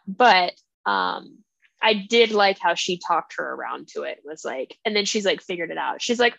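Bright, dry-sounding woman podcast co-host; lively plot recap, acts out the dialogue. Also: medium pitch, normal speed, creaky, dry recording. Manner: animated recapping, acting out characters' lines. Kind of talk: casual book club chat.

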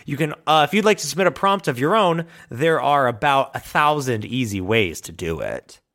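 Animated, lively-voiced male podcast host. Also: medium pitch, moderate pace. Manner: animated, swears freely, laughs often. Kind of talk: casual podcast chat.

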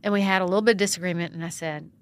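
Speaking very fast in a lowish voice, this middle-aged priest and nonprofit founder is a guest in a conversational interview. She's a lively, expressive storyteller who performs the quotes of the people in her stories.

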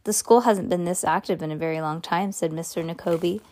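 A woman reading a children's chapter book aloud, stumbling and correcting herself as she goes, and punching out the sound words. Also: lowish voice. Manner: halting, self-correcting read-aloud with lively sound words. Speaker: reader.

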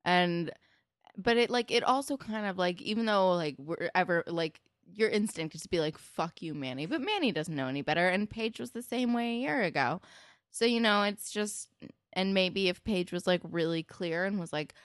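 A woman's voice: mid-range voice, lively intonation, moderate pace, clear, resonant tone, dry recording, clean studio sound. A woman co-hosting a podcast, talking enthusiastically about a TV episode with plenty of swearing and fillers. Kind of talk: casual TV recap chat.

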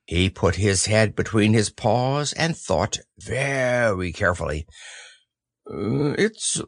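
A man reads a children's story aloud, gentle and unhurried. His voice is slow with a gravelly texture and swings through a lively melody. The sound is close and dry. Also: fairly low pitch, no room sound.

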